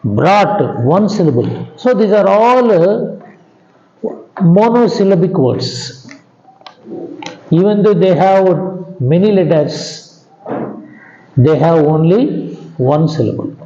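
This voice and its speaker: A man with an Indian English accent gives a patient classroom lecture in a high, mellow voice. He talks slowly, repeats his points, and keeps checking that his students understand. The sound is echoey and dull, like a lo-fi recording in a bare room. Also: animated. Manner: slow and repetitive, checks in with "understand?"; drops pitch at the ends of sentences. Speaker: English grammar teacher.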